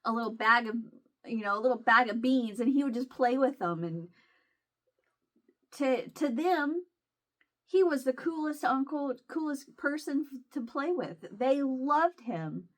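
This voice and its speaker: Emotional woman vlogger, halting speech. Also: high voice, lively intonation. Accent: Southern Illinois. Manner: halting, emotional, many restarts. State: near tears. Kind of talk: casual chat to camera.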